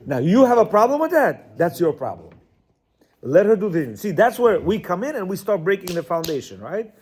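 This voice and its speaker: A man teaches a room of men in a loose, spoken lecture. His voice sits a bit high and he leans hard on his points, circling back and checking they understand. He acts out little quoted lines along the way. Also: fairly quick, slightly rough. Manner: repetitive, keeps asking "you understand?"; emphatic, lively, acts out quotes. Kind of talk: informal lecture to a class.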